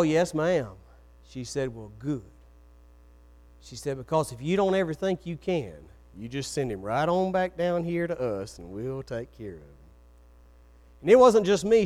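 A man's voice: on the high side, darkish tone. A man preaching a sermon, telling stories and acting out the quoted voices. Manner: storytelling, acts out quoted voices.

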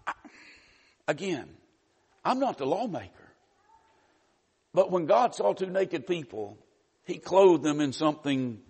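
A man preaches a sermon in a church sanctuary, his voice sitting a little high for a man. He teaches conversationally and drops in wry asides. A long hall reverb trails each phrase. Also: slightly rough.

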